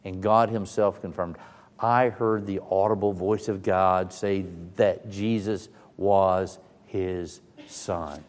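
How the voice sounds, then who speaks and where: A man's voice: sits low, steady tone, slow, darkish tone. A male preacher delivers his sermon unhurriedly, leaning hard on key phrases and stepping into the first person to retell the story. His voice rings out in a big hall with a long reverb trailing every line.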